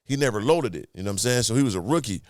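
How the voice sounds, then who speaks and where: A man, a podcast guest, telling an animated, profane story full of sound effects and acted-out quotes. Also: mid-range voice, racing, no room sound, clean studio sound.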